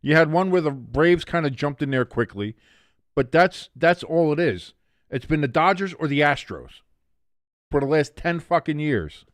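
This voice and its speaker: Excitable man calling a game live. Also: fairly high pitch, normal speed, dry recording, clean studio sound. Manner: excitable, swears casually, reads chat aloud. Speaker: watch-along streamer. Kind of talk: casual live play-by-play commentary.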